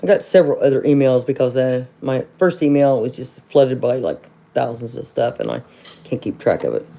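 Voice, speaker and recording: A woman's voice: extremely low pitch, expressive, normal speed, vocal fry, warm tone. A middle-aged woman talks straight to her viewers on a livestream, casual and rambling, with lots of fillers. She calls people honey and gets fired up, piling on rhetorical questions. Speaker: livestream host.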